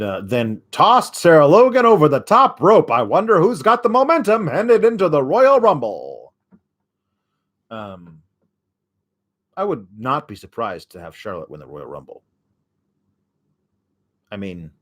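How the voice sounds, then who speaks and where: A man's voice: mid-range voice, fairly bright tone. A man hosting a casual solo recap show, rambling and sarcastic, with frequent fillers and swearing when annoyed. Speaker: host.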